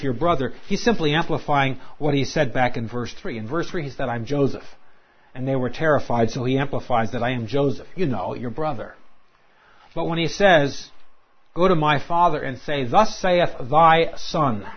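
A man teaches scripture to a class in an explanatory way, posing questions and leaning hard on quoted lines. His voice sits at an ordinary male pitch. The recording is dull and lo-fi. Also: breathy edge. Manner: explanatory, rhetorical questions, emphatic quoting. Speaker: Bible teacher. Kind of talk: classroom Bible lecture.

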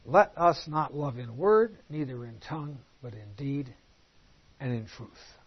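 With a mid-range voice and a breathy edge, a man works through a Bible passage in a conversational teaching style. He asks rhetorical questions and reads the scripture slowly and deliberately, and the audio sounds dull.

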